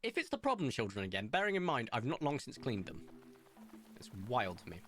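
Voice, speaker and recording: A man's voice: medium pitch, brisk. A young man chatting casually while streaming a video game, rambling through stories and comments as he plays. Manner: chatty, rambling, animated storytelling.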